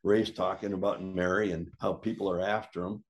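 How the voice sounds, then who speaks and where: A man telling a casual anecdote, animated and jumping up in pitch when he acts out what others said. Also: moderate pace, faint music behind. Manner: animated, acts out quoted voices with big pitch jumps. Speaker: storyteller guest.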